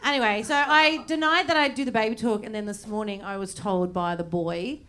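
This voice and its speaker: A woman co-hosting a live comedy podcast on stage, telling an embarrassing story in a giggly, animated way. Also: mid-range voice, brisk, clear, resonant tone. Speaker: podcast co-host.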